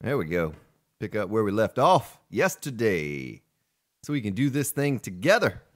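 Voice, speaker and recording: A man's voice: fairly low pitch, very animated, normal speed. A man hosting a let's play, chatting casually in a folksy, playful way while he plays. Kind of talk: casual gameplay commentary.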